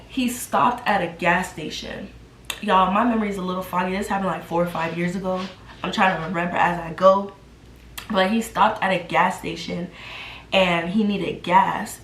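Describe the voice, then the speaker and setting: A woman in her twenties telling a casual storytime, animated and acting out what people said. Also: mid-range voice, a little hiss or hum. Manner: animated, acts out the quotes. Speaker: vlogger. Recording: roomy echo.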